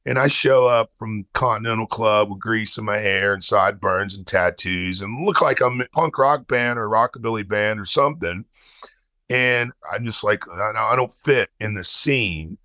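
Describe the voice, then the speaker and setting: A middle-aged man from Texas, telling a story as a guest and quoting people with quick shifts of voice. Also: lowish voice, bright, forceful tone, no echo. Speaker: guest musician. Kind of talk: storytelling anecdote.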